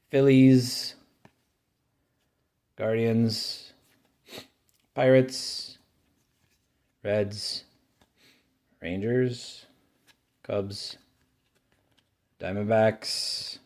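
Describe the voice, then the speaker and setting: A man hosts a card-opening video, calling out each card in an offhand, unhurried way. His voice sits at a middling pitch and his pace is slow and drawn out. He mixes mild complaints with bursts of delight. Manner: offhand, names each card as it turns up, grumbles and cheers by turns. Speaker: card collecting channel host. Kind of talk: casual running commentary while opening card packs.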